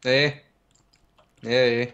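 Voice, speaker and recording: A man's voice: medium pitch, flat delivery, extremely slow, fairly bright tone, highs cut off. A man streaming a game and chatting casually, joking around and laughing often. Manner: joking, laughs often, sings silly bits. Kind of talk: casual chat while gaming.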